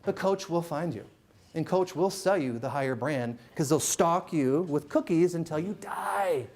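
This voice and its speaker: A middle-aged man working a live audience as a motivational speaker, his pitch leaping up and down as he jokes. He teases the room with rapid questions and playful asides. The delivery is loose, lively and conversational. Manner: animated, jokey, teasing the crowd with quick questions. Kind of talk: live stage talk to an audience.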